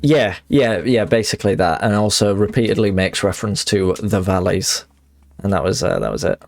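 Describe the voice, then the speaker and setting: A man's voice: fairly low pitch, moderate pace, dry recording, studio quality. A man streaming a video game, chatting casually and reading in-game letters aloud, rambling and self-deprecating with frequent restarts.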